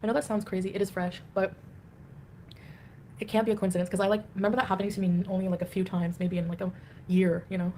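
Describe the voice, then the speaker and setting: A woman's voice: mid-range voice, little pitch movement, fast, darkish tone, a little hiss or hum. Woman livestreamer with a baby voice. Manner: rambling, talks in a baby voice. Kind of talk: casual livestream chat.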